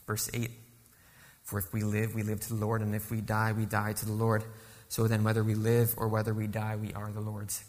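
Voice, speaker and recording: A man's voice: lowish voice, completely flat delivery, fairly quick, darkish tone, in a large hall. A man preaching a sermon as guest speaker, asking the congregation rhetorical questions and then answering them. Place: church sanctuary.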